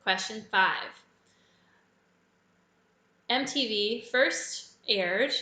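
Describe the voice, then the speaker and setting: A woman's voice: medium pitch, unhurried, pauses often, pushed and bright. A woman hosting a live quiz, casually going through the answers and adding chatty personal asides. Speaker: quiz host. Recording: echoey room.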